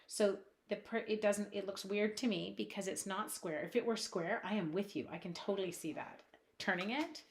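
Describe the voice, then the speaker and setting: A woman's voice: mid-range voice, normal speed. A woman chatting casually while demonstrating crafts at her home desk on a live stream, reading out viewers' comments and talking to her supplies.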